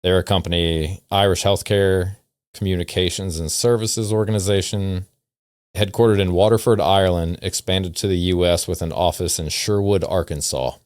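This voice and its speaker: A man hosting a laid-back podcast chat, wandering through his points with wry, self-deprecating asides. His voice is a touch low and sounds dry and close, with no room echo. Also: fairly even intonation, moderate pace, darkish tone. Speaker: podcast host.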